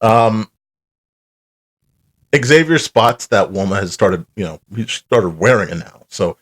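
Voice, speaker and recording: A man's voice: on the low side, animated, slow pace, a bit bright. A man co-hosting a cartoon podcast, retelling the plot in rambling, profane, casual chat. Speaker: podcast co-host.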